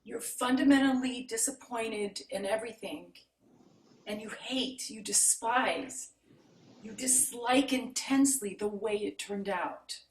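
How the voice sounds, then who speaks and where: A woman's voice: fairly high pitch, measured pace. A woman performing an improvised scene on a video call, insistent and teasing, repeating herself. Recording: echoey room, far from the mic, faint noise.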